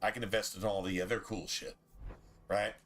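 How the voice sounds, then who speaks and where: Bright-voiced profane gaming streamer, a man. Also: on the low side, little pitch movement, normal speed. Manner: rambling, profane, laid-back. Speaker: game streamer. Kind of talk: casual gameplay commentary.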